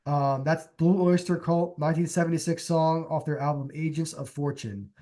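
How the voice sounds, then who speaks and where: Young male podcast co-host, slightly high voice, loose and rambling, lots of "um"s. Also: moderate pace. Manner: relaxed, rambling, many fillers. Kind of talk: casual chat.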